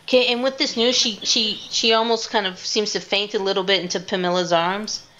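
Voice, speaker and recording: A woman's voice: mid-range voice, fairly even intonation, a little fast, sharp tone, highs cut off, a little hiss or hum. A woman narrating a tabletop game as game master, talking hesitantly with restarts.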